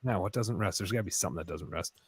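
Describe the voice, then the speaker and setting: A man's voice: low voice, very fast, breathy edge, no room sound. A man co-hosting a casual live stream, playful and joking as he reads viewer comments. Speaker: co-host reading viewer comments.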